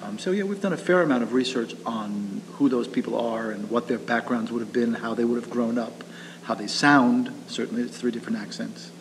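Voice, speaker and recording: A man's voice: mid-range voice, fairly quick. A male actor talking in an interview. He speaks hesitantly, with many fillers and restarts. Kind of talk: casual interview. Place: theatre rehearsal hall. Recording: reverberant hall with faint background hum.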